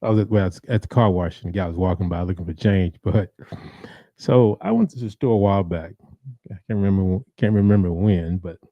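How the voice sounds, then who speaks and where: Deep-voiced chatty male show host. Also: brisk, dry recording, lo-fi sound. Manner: rambling, chatty, greets listeners by name. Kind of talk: casual live-stream chat.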